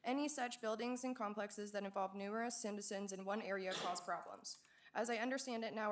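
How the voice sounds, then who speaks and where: A woman in her twenties giving an earnest public comment at a city council hearing, growing emotional and pleading. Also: mid-range voice. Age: 20s.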